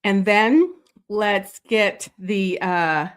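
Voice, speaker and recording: A woman leading a live drawing lesson, talking slowly and thinking aloud as she sketches, with many pauses and fillers. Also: mid-range voice, smooth. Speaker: drawing instructor. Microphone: streaming setup.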